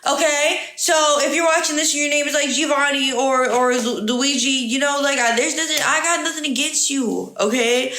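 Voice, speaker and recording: Young woman host, fairly high voice, swears freely and riffs with exasperated jokes. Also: fairly even intonation, normal speed, few pauses, bright, forceful tone, roomy sound. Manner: profane, exasperated, jokey. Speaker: podcast host. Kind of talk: casual podcast, reading online stories aloud.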